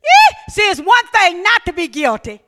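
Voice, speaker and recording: A woman preaching a sermon in a high, bright voice. She is animated, shouting some lines and dropping to hushed near-whispers on others. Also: normal speed. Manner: animated, swings between loud emphatic lines and near-whispers.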